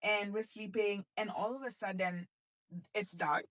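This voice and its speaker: A young woman from Kenya, a guest on a podcast, tells her story with lively energy and slips into the voices of the people she quotes. Her voice sits in a middle register, and the recording is close and dry with little room sound. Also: medium pitch, a little slow, no room sound. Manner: animated retelling, acts out quoted dialogue. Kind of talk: storytelling in conversation.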